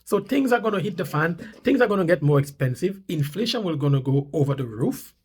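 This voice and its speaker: Husky insistent man commentator. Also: on the high side, lively intonation, fairly quick. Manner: insistent, repeats points, rising emphasis. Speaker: channel host. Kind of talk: commentary on news clips. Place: Canada.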